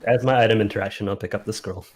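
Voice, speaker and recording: A man's voice: on the low side, steady tone, very fast. A man playing in a tabletop game, matter-of-fact and teasing. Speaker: player. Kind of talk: casual game chat. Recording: clear background noise.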